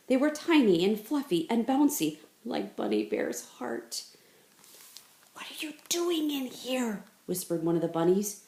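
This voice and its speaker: Slow, expressive woman reading a picture book. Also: fairly low pitch. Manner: slow, expressive, swooping storyteller. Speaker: teacher reading aloud. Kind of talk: picture-book read-aloud. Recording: roomy echo.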